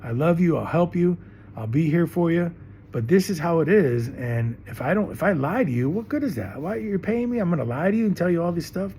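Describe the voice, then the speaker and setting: A man's voice: a little high, big pitch swings, a little fast, mellow, a little hiss or hum. A middle-aged man teaching in an emphatic, rambling monologue, often repeating himself. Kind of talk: impassioned monologue to camera.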